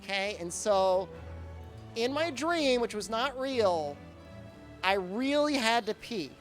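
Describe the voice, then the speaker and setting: A man chats casually on his live game stream, telling a rambling tale. His voice rises and falls with lively swings, and he leans on fillers and restarts. Faint music plays behind him. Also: very high-pitched, slow.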